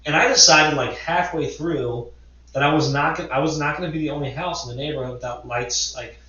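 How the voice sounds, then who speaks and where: A man in his thirties, slightly high-pitched for a man, sits back from the mic in a very echoey room. He tells a long story in a loose, rambling way, throwing in the odd curse word, and the sound is dull and lo-fi. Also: a little fast, recorded from a distance. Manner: animated, rambling storyteller who swears. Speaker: podcast co-host. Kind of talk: casual chat.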